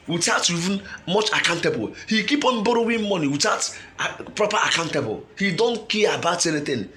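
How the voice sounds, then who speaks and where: Nigerian man, emphatic commentator, higher-pitched bright voice, faint noise. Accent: Nigerian English. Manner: emphatic, asks himself "what?" before key words. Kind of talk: reading and commenting on a statement.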